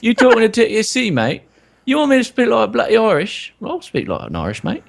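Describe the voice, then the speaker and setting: A man's voice: high-pitched, big pitch swings, quick pace, gravelly, darkish tone, slightly rough, pitched above the performer's own voice, full character voice. A man doing a clumsy put-on Irish accent as a blustering tough-talking bloke who keeps calling people mate. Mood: boastful.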